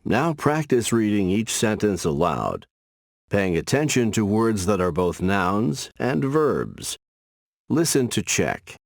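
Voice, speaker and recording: A man with a very low, gravelly voice announces listening exercises for a language course. His delivery is unhurried and strongly varied in pitch, as if leading learners step by step. The recording is dry and close. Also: very animated, dry recording. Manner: slow, measured announcing. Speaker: audio announcer. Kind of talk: scripted textbook instructions.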